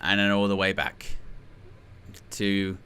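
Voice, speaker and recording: A man hosting a live football watch-along, his voice very bright and sharp-edged, with a smooth, crisp clarity. He talks in a sarcastic and exasperated way. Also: low-pitched, flat delivery, slow pace. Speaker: host.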